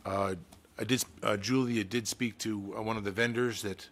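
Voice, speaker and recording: Hesitant man, fairly low. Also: fairly even intonation, moderate pace, fairly bright tone. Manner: hesitant, many restarts and fillers. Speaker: town staff member. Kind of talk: council meeting presentation. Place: council chamber.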